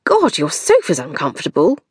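A woman's voice: deep voice, huge pitch swings, fairly quick, breathy edge, no echo, clean studio sound, full character voice. A woman voicing a petulant, dreamy young woman, self-centred and whiny, in a sing-song manner. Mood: grumbling.

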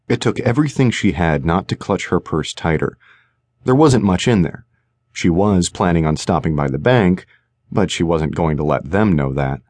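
A man narrating a suspense audiobook in a measured, tense manner. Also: low-pitched, lively intonation, a little mellow, no echo. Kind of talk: scripted narration. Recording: dry studio recording.

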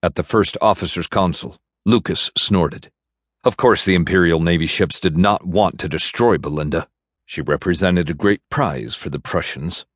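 A man narrating an audiobook in a measured, even storytelling manner, recorded in a studio. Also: deep voice, dry recording. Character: bitter man navigator. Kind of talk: scripted narration. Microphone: studio microphone.

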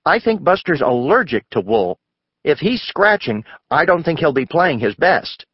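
A man's voice: big pitch swings, normal speed, breathy edge, dry recording, dull audio. A man voicing an anxious, fussy mother in a storybook reading. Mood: fretting. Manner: anxious, higher voice.

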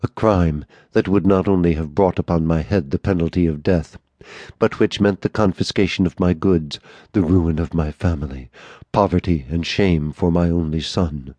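A frightened middle-aged notary, as a man voices him in a storybook reading, begs and trembles in a gloomy, subdued way. The voice is very low and is recorded dry and close, with no room sound. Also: measured pace, darkish tone, dry recording. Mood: fearful. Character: terrified male notary about fifty, humble and pleading.

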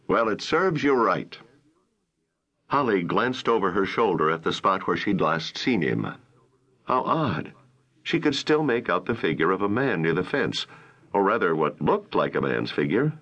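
A man narrating a children's audiobook with expressive storytelling, on a muffled lo-fi recording. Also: low voice, normal speed.

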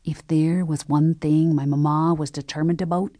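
A woman narrating a historical novel as an audiobook, telling the story in a measured, gentle first-person voice. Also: deep voice, steady tone, no room sound, clean studio sound.

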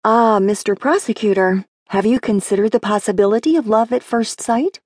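A bossy, sharp-tongued seventeen-year-old girl with a brisk, scolding delivery, as a woman narrator puts her on. Her voice sits a little higher than the narration, recorded close and dry. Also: no room sound, natural voice. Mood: wry.

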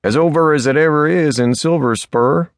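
A man doing a gruff stagecoach driver. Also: on the high side, moderate pace, no echo, studio quality, pitched above the performer's own voice, close to an everyday voice. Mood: impatient.

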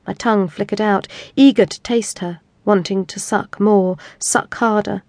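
A woman's voice: medium pitch, fairly even intonation, a little slow, a little mellow, dry recording. Woman reading an audiobook, dry sound. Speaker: audiobook narrator. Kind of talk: scripted first-person audiobook narration.

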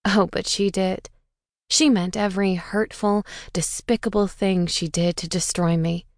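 Intense low-voiced woman narrating. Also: steady tone, normal speed, darkish tone, dry recording, studio quality. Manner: intense, bitter, dramatic. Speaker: audiobook narrator. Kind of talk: first-person audiobook narration.

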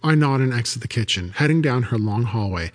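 A man narrating a story in the first person for an audiobook, with even, steady storytelling. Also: mid-range voice, fairly quick.

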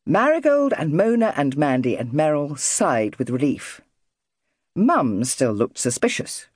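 A woman narrating a children's audiobook in an expressive storytelling manner. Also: sits low, a little slow, slightly rough, no echo, clean studio sound.

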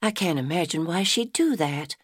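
A woman's voice: fairly low pitch, animated, moderate pace, husky, dry recording, clean studio sound. A woman voicing a chatty shop owner. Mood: hushed. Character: young woman beauty shop owner, cheerful but anxious.

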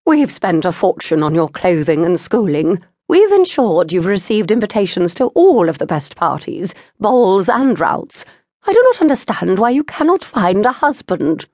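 A woman's voice: big pitch swings, normal speed, a little mellow, no room sound, studio quality. A woman voicing an exasperated, theatrical society mother who scolds her grown daughter. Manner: shrill, indignant, theatrical.

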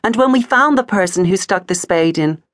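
A man's voice: high voice, animated, fairly quick, a bit bright, no echo, clean studio sound, pitched above the performer's own voice. A man voicing a nervous young female sheep in an audiobook. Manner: nervous, raised voice.

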